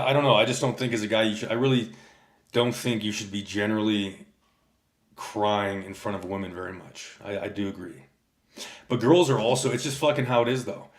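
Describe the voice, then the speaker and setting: A low-voiced man rambles through a casual livestream rant, swearing constantly as he tells stories and answers his chat. His voice rings in a noticeably echoey room. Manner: profane, rambling storyteller.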